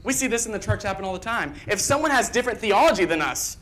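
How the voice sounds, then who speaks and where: A man preaching a sermon in a church, speaking earnestly, with quick emphatic bursts and repeated phrases. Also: sits high, lively intonation, fairly bright tone. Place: church sanctuary.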